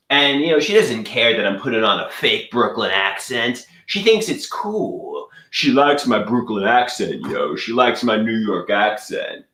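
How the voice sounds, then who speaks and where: A man's voice: lowish voice, lively intonation, measured pace, sharp tone, reverberant. A man rambling through an absurd comedic story, repeating himself in a mock-serious way.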